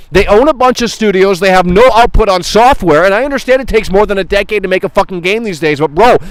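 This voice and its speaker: A man with a high voice rants through a gaming livestream, swearing freely and mocking his chat as he goes. His voice is close and dry, with no room around it. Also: no room sound, poor audio. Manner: profane, mocking, talks straight to chat. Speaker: streamer.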